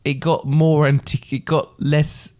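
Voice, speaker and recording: A man's voice: on the high side, level tone, unhurried, a little mellow. Dry, teasing male podcast co-host. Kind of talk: casual chat.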